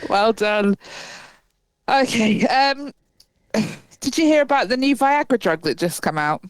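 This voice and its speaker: Slow-talking woman podcast co-host. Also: fairly high pitch, animated, clear, resonant tone, no room sound. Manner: giggly, laughs at jokes. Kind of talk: casual joke-swapping chat.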